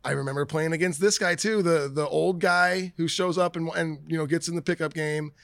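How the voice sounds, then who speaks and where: A man's voice: a little high, brisk, gravelly, dry recording, clean studio sound. A man co-hosting a casual chat, laughing along and sharing his own stories. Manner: laughs along, relaxed banter. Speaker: podcast co-host.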